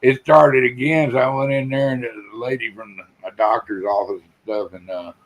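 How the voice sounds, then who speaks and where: A man's voice: medium pitch, steady tone, moderate pace, low-quality recording. A man in a casual podcast chat, grumbling and cussing through a story. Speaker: podcast guest.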